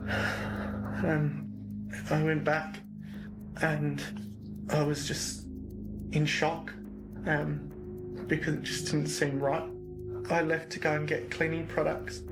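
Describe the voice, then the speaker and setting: Flat, halting New man confessing. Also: a little high, low-quality recording. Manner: hesitant, flat, lots of ums and restarts. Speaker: interviewee in a police interview. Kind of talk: recorded police interview confession. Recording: archive interview audio with music under it.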